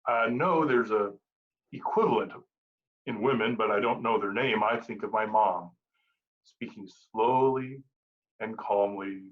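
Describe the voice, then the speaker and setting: Animated man giving a humorous speech. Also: mid-range voice, highs cut off. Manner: humorous, animated storytelling delivery. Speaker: Toastmasters speaker. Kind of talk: prepared club speech.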